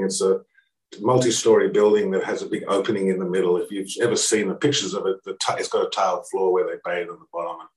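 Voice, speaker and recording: Middle-aged aussie guy telling a story, really animated, does the voices, far from the mic in a roomy echo. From Australia. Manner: animated, acts out quoted voices with pitch jumps. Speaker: speaker. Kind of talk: anecdotal storytelling. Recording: echoey room, distant mic.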